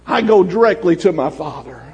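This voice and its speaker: A man preaching a sermon as pastor, swinging from shouts down to hushed storytelling. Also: sits high, lively intonation, brisk, breathy edge, highs cut off. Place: church sanctuary. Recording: long hall reverb.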